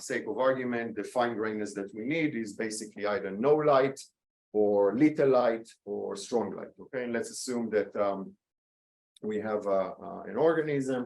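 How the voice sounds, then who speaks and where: A man giving an academic lecture at a conference, pausing with many "um"s, checking in with "okay?", and adding dry asides. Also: medium pitch, vocal fry, darkish tone, low-quality recording. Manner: lightly sarcastic asides. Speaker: academic speaker.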